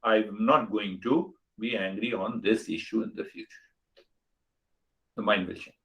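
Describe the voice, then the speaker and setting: A man's voice: lowish voice, unhurried, fairly bright tone, rough recording. Sixties male spiritual teacher, Indian English accent, emphatic rhetorical delivery. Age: 60s. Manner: rhetorical, repeats questions, emphatic. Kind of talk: spiritual talk.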